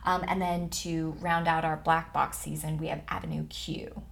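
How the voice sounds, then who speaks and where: A woman's voice: low-pitched, level tone, normal speed, creaky. A young adult woman, an actress, chatting upbeat and freely as an interview guest. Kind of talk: casual interview chat.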